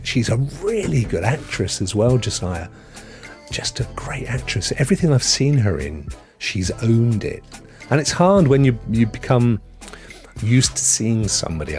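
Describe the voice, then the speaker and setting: A man with a lowish voice talks casually on a live stream, his pitch swinging widely as he goes. He answers viewers from the chat in a chatty way. Faint music plays in the background. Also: a little mellow. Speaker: streaming host.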